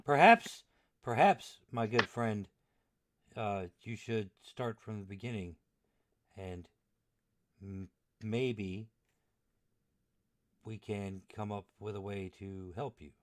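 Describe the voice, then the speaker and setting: A man playing a tabletop role-playing game, speaking in a polite, measured manner. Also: lowish voice, fairly even intonation, a little mellow. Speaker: player. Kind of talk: tabletop role-play, in character.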